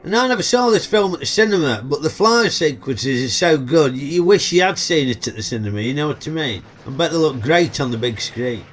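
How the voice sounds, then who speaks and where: A man's voice: a little high, expressive, a little fast, hardly any pauses, slight background noise. A middle-aged man with a Yorkshire accent, hosting a chatty, cheeky comedic film review full of dialect banter. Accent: Northern English, Yorkshire.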